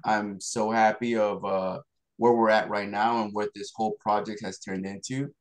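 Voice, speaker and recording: Brief: laid-back dude, lowish voice, casual slang, enthusiastic. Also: male voice, little pitch movement, normal speed. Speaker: motion graphics artist. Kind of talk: casual video call chat. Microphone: video call.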